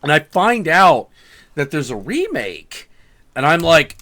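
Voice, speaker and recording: Man in his thirties, lively pitch, bright tone, swearing storyteller, show host. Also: a little slow. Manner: animated, profane storyteller. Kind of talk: casual chat, storytelling.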